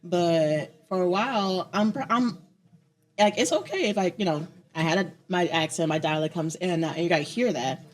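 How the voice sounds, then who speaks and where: A young woman from Chicago chatting as an interview guest, lively and quick to laugh. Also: fairly low pitch. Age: young adult. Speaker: guest, poet and open mic host. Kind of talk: casual interview chat.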